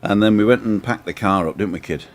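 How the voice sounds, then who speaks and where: Deep-voiced man telling stories. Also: fast, a little hiss or hum. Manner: chatty, rambling anecdotes with asides. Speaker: host. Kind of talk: casual storytelling on a live show. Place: outdoor balcony in the sun.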